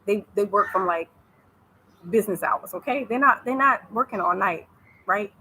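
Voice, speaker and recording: A woman's voice: medium pitch, moderate pace, pushed and bright, slight background noise, poor audio. An American woman giving casual advice in a vlog, chatty and repetitive, laughing easily. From United States. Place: living abroad in East Africa.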